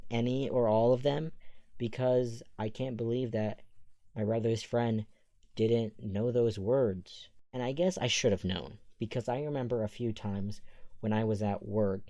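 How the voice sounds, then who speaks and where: A man's voice: medium pitch, dark tone, no room sound. A man chatting casually over a voiceover at home, rambling from one side topic to the next. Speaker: Sims speed-build creator.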